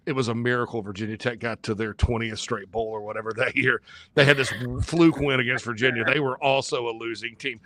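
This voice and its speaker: A man co-hosting a casual sports talk show, rambling and joking with sudden jumps in pitch. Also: fairly quick, fairly bright tone, no echo.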